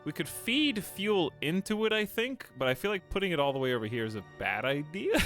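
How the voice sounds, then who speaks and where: A man's voice: on the high side, very animated, normal speed, fairly bright tone, faint music behind. A man streaming a game live, rambling casually to his chat as he plays. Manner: rambling, talks to chat while playing.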